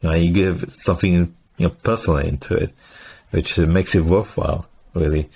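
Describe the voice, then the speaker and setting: A man hosting a podcast, chatting in a relaxed, conversational way. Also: deep voice, moderate pace, gravelly, slight background noise. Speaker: podcast host. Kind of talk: casual interview chat.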